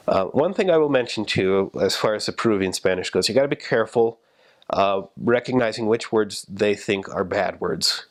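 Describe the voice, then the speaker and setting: Man, low voice, casual explainer, easygoing. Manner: relaxed, explanatory, with fillers and laughs. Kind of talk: casual chat about language.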